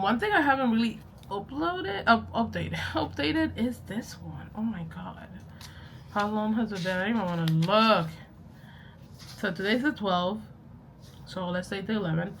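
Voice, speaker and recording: A young woman with a bright, clear-toned voice chats casually to her viewers, rambling from one thought to the next and correcting herself along the way. She laughs easily as she talks, with a faint hum of room sound behind her. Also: mid-range voice. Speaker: journaling vlogger. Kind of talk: casual chatty vlog.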